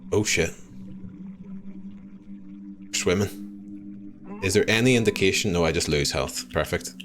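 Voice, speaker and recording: A man streaming a game live, chatting with viewers, swearing freely and reacting loudly to what happens on screen. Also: low-pitched, measured pace, background noise. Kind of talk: live gameplay commentary.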